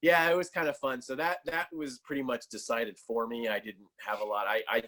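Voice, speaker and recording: A man's voice: medium pitch, little pitch movement, brisk, sharp tone. A man talking as a guest on a casual podcast, telling stories loosely with lots of fillers and a sarcastic sense of humor. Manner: loose storytelling full of fillers.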